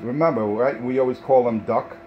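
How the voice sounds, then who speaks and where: A man's voice: mid-range voice, brisk, muffled recording, background noise. A man trash-talking over the radio, taunting and repeating himself, with plenty of profanity. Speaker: CB radio talker.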